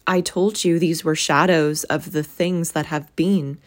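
A woman reading a storybook aloud voices a solemn ghost that speaks in a firm, measured way. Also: low voice, steady tone. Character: solemn spirit of past Christmases.

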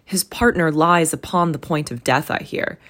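A woman reading a gentle husband, soft, conversational, low voice, storybook. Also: moderate pace. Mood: fond, musing.

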